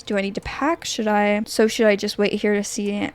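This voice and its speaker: A young adult woman giving chatty, excitable let's play commentary, squealing at cute things. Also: medium pitch, moderate pace, few pauses. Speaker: gaming channel host.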